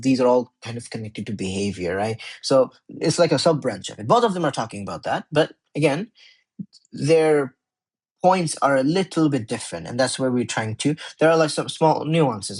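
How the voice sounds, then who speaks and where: A man's voice: medium pitch, animated, normal speed, slightly rough, low-quality recording. A man tutoring English in a casual exam walkthrough, chatty and often correcting himself as he thinks aloud.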